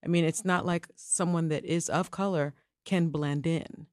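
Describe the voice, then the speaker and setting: A woman's voice: low-pitched, fairly even intonation, no echo, clean studio sound. A woman co-hosting a podcast, giving her opinions in an emphatic, casual way. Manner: emphatic, opinionated, quick asides. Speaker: co-host.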